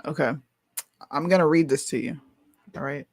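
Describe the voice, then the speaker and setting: A woman's voice: low-pitched, moderate pace, a little mellow, dry recording, clean studio sound. A woman co-hosting a casual talk show, blunt and exasperated, sometimes reading posts aloud. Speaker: podcast co-host. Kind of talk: casual chat.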